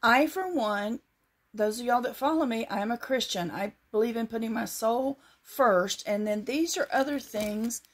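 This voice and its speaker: This Southern-accented woman keeps a moderate pace, her voice on the high side, as she chats in a homespun way. Her casual show-and-tell vlog has her showing things to viewers and reading scripture aloud.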